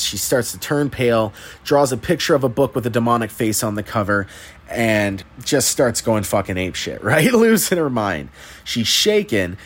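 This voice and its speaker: A man hosting a podcast, giving a casual, chatty movie recap with swearing and laughter. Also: fairly low pitch. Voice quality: chatty, profane, laughs at the plot. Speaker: podcast host.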